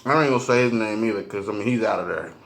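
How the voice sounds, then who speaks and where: A man's voice: on the low side, creaky, a bit bright. Profane rambling man telling a story. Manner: halting, restarts a lot. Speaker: mukbang vlogger. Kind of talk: storytime while eating.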